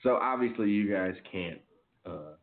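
A man's voice: lowish voice, animated, a little slow, echoey room, narrow, tinny audio, very noisy. A man co-hosting a wrestling call-in podcast, chatting casually and laughing often. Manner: laid-back, laughs often, slangy. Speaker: podcast co-host. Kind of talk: casual chat.

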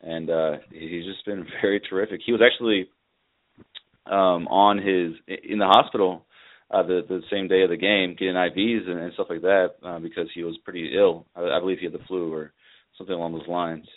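A man who is a regular on a sports talk show, talking in a relaxed way with many fillers. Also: low voice, a little fast. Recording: phone-like line.

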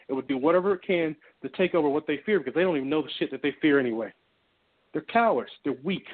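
A man talking bluntly and heatedly with heavy swearing, co-hosting a casual podcast. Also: fairly high pitch. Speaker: co-host. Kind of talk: casual profane podcast chat. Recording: tinny phone line.

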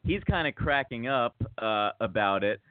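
Male host, rambling anecdote style, mid-pitched, dry tinny line. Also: expressive, normal speed, smooth, dry recording. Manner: rambling, self-mocking, many fillers and restarts. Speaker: podcast host. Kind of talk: casual storytelling chat. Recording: tinny phone-like sound.

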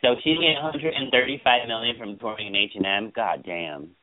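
A man's voice: mid-range voice, brisk. A man hosting a podcast, chatting casually and gossiping in an exclamatory way. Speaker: podcast host. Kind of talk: casual chat. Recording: phone-like call audio.

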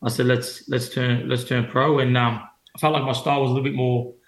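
A man's voice: mid-range voice, level tone, a little fast. A young Australian man, a boxer, telling stories in a loose, rambling way full of fillers and restarts. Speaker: professional boxer guest. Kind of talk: casual interview storytelling. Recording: roomy echo.

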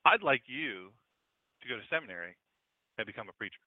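A man doing a low, coaxing voice of God. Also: animated, brisk, dry recording, natural voice. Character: God, calm and coaxing, male. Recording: dry, tinny radio broadcast line.

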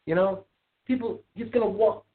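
A man hosting a casual call-in show, telling stories in an animated, indignant rant. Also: high voice, moderate pace. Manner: animated ranting storyteller, gets loud and indignant. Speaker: podcast host. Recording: tinny phone-like audio.

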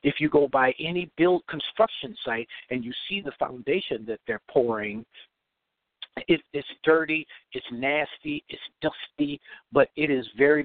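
A man hosting a motivational podcast, speaking emphatically and repeating key phrases slowly so listeners can take notes. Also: medium pitch, dry recording. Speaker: podcast host and self-improvement speaker. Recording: tinny phone-like recording.

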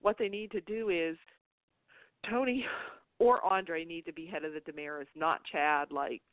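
A woman's voice: lowish voice, fairly even intonation, moderate pace, no echo. A woman hosting a casual internet radio chat, talking in a rambling, chatty way with restarts and laughs. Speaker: show host. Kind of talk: casual chat about soap operas. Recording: tinny phone line, dry.

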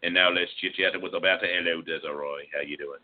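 A man's voice: low-pitched, steady tone, fast talker. A man co-hosting a casual radio show, playful and goofy. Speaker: co-host. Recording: tinny phone line.

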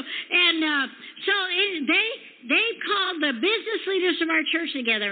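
A woman preacher telling a story in a sermon, emphatic and rambling, now and then shouting. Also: high-pitched. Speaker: preacher and prophet. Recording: tinny phone-like sound.

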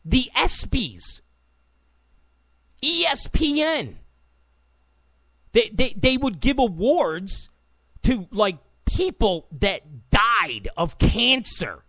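A man's voice: high-pitched, sing-song, very slow, long pauses, pushed and bright, no echo. A man hosting a political talk show, delivering an opinionated, sarcastic monologue full of stammering restarts.

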